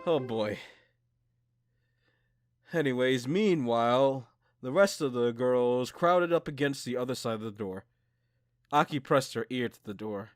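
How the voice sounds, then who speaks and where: A man reading a visual novel aloud with joking commentary, laughing at himself and dropping low for the narration. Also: animated, a little slow, pauses often, dry recording. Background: game music.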